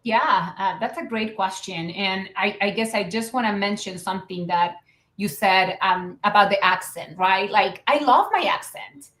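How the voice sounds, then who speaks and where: A woman's voice: mid-range voice, normal speed, fairly bright tone, roomy sound. A woman from Chile with a Chilean Spanish accent, a guest speaking earnestly and reflectively, with many fillers. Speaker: guest, business founder. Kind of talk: conversational interview.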